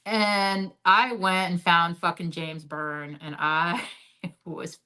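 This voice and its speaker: A woman guest in an interview, telling a story bluntly with a lot of swearing and filler words, swinging from high excited bursts to low muttered asides. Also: takes it slowly, clear, resonant tone, rough recording. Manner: blunt and heavily profane, leans on "like" as a filler; animated, jumps up and drops low in pitch and loudness. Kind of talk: candid storytelling in a sit-down interview.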